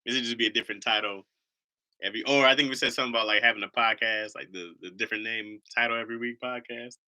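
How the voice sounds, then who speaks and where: Joking, rambling man with a bright voice. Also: fairly low pitch, steady tone, quick pace. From Ohio. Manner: rambling, joking, swears freely. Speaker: live streamer host. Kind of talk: casual live-stream chat.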